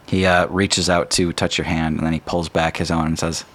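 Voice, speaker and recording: A man narrating a tabletop game as game master, relaxed and easygoing. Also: sits low, moderate pace.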